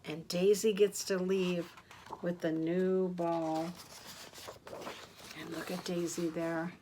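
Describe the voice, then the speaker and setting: An older woman, a grandmother, reading picture books aloud to children in a gentle, expressive way, gasping and asking them questions. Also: fairly low pitch, slow, slight background noise. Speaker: grandmother storyteller.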